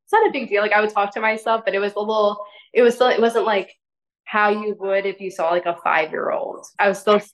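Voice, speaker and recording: A woman as a podcast guest, talking in a gentle, rambling casual way, full of "like" fillers. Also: mid-range voice, steady tone, brisk, poor audio. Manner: rambling, filler-heavy with frequent "like"; soft, gentle delivery. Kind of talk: casual interview conversation.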